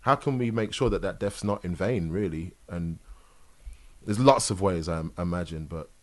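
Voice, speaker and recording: A man hosting a casual interview, talking in a soft, reflective way that often drops to a murmur. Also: low voice, moderate pace. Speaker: host. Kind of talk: casual video-call interview.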